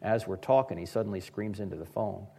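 A man in his fifties with a lowish, slightly creaky voice speaks a little fast as he gives a humorous talk to a live audience. An animated storyteller, he speaks straight to the crowd and performs the voices of the people in his anecdotes.

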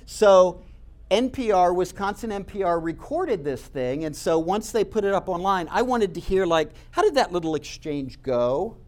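A man's voice: sits high, animated, normal speed, darkish tone. A man telling stories in a conversational way, speaking straight to his listeners and acting out the voices he quotes. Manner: conversational, addresses listeners directly. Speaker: speaker recounting campus talks. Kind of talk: animated storytelling talk.

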